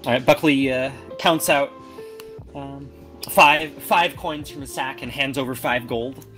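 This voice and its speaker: A man playing a tabletop game, hesitant and halting. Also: medium pitch, fairly even intonation, bright, forceful tone, soft background music. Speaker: player. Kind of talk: casual tabletop play.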